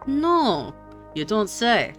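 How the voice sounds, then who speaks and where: Gruff, grumbling male dwarf with a put-on accent, pitched high and bright, as a woman voices him; bitter, sharp-tongued. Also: very animated, moderate pace, faint music behind. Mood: sarcastic.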